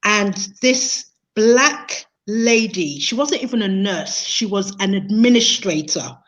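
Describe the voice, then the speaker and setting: A woman's voice: medium pitch, expressive, slow pace, dull audio. Earnest woman telling her story. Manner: earnest, emotional, repeats words and restarts. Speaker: interview guest, training consultant. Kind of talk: personal storytelling in conversation.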